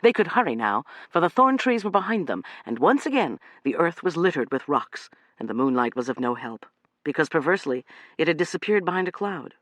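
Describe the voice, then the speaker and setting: A man narrating a suspenseful novel as an audiobook, in an expressive, dramatic reading. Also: fairly high pitch, a little fast, no echo.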